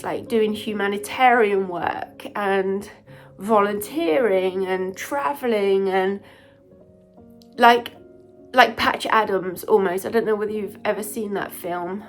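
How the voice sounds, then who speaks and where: Candid woman in her forties. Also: mid-range voice. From United Kingdom. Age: 40s. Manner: soft, candid and introspective, with sighs. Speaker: junior doctor and vlogger. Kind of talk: reflective vlog talk to camera.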